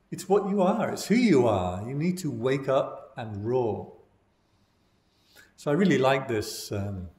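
A man teaching meditation as a Buddhist monk, giving a dhamma talk in a relaxed storytelling way with wry asides. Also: medium pitch. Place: meditation class in a room. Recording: roomy echo.

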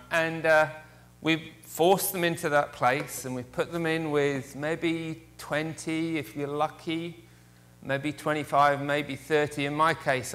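A man's voice: a little high, fairly bright tone. Guest lecturer, male, nervous and self-mocking, lots of ums. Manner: self-deprecating, halting with many fillers. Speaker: guest speaker. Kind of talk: public lecture. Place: theater stage.

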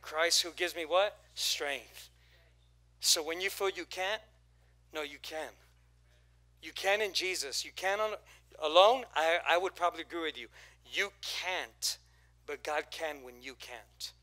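In a church auditorium, a pastor preaches in a loose, conversational storytelling style, acting out quotes and prompting the congregation to repeat lines to one another. His voice is a little high and bright, forceful in tone, and slightly slow.

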